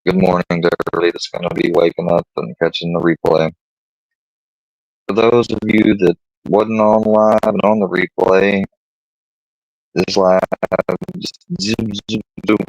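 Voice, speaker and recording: Deep gravelly man rambling on a livestream. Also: steady tone, unhurried, darkish tone, no room sound, highs cut off. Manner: rambling and profane, retelling stories. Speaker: livestream host. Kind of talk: casual rambling livestream chat.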